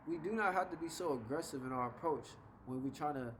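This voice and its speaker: Young man, easygoing advice vlogger, slightly high voice, faint background hiss. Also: fairly bright tone, rough recording. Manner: laid-back, conversational, acts out quick example voices. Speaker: vlogger giving life advice. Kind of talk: casual advice monologue.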